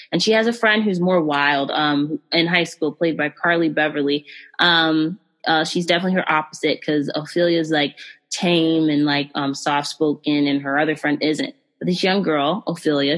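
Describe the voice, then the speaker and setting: A woman hosting a podcast, chatting casually and animatedly about films, with frequent fillers and direct asides to listeners. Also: low voice. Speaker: podcast host reviewing films. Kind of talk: casual chat.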